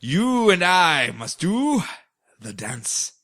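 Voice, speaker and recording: A man's voice: high-pitched, big pitch swings, drawn-out words, fairly bright tone, voice pushed up, exaggerated voice. A man playing a boisterous, full-of-himself masked hero with a hammy, grandiose delivery.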